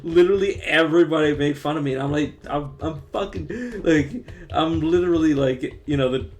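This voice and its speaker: A man's voice: a little high, moderate pace. A young man streaming live, chatting casually with lots of swearing, fillers and restarts. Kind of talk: casual rambling chat while gaming.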